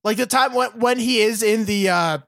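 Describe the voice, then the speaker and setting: High raspy dude swearing and joking through a movie review, bright dry sound. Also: male voice, normal speed, dry recording. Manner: profane, jokey, acts out movie lines. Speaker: podcast co-host. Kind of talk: casual movie-review chat.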